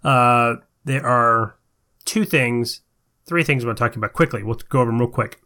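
A man's voice: mid-range voice, normal speed, bright, forceful tone. A man co-hosting a podcast in casual chat, conversational with hesitant restarts. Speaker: podcast co-host.

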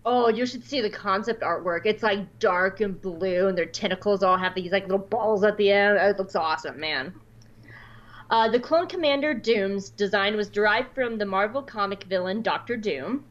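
A woman from the American South hosting a casual podcast chat, talking in an animated way and acting out quoted dialogue. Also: medium pitch, normal speed, dull audio. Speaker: podcast host.

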